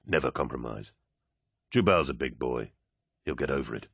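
Remembered line: a man playing a gruff veteran, very deep, dry booth. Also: expressive, moderate pace, fairly bright tone, dry recording, heavily acted. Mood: blunt. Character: blunt, unbending male veteran warrior.

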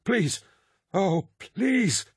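A man voicing a terrified older male scholar who pleads in a high, panicked voice. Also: lively intonation, very slow, slightly rough, no echo, studio quality, heavily acted.

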